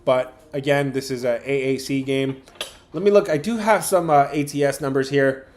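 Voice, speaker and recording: A man's voice: medium pitch, steady tone, normal speed, darkish tone. A young man hosting a sports betting livestream, chatting casually with viewers about picks, with lots of fillers. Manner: chatty, addresses chat viewers directly, frequent fillers.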